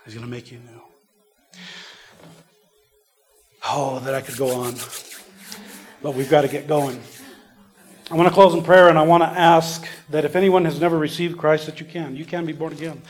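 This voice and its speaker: A man preaching a sermon in a church, earnest and repetitive, falling to a near whisper before swelling loud again. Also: a little high, steady tone, moderate pace, long pauses. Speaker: pastor. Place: church service.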